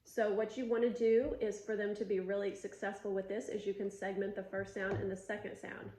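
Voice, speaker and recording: A patient woman teacher coaches speech sounds in short cues and slow, drawn-out demonstrations. Her mid-range voice carries a noticeable room echo. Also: medium pitch, level tone, mellow, a little hiss or hum. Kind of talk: instructional demonstration. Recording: roomy echo.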